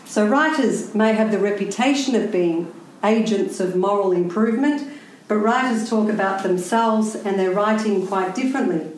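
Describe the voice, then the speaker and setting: A woman writer giving a prepared talk to a live audience, speaking in a wry, deliberate and pointed way. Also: medium pitch, darkish tone. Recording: very echoey room.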